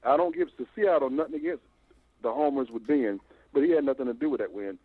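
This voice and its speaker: An older man calling in by phone to a fan show, talking in a long, animated, stammering rant. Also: mid-range voice, fast talker, no room sound. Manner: animated, repeats himself, stammering restarts. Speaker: phone-in caller. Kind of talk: rambling call-in rant. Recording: tinny phone line, dry.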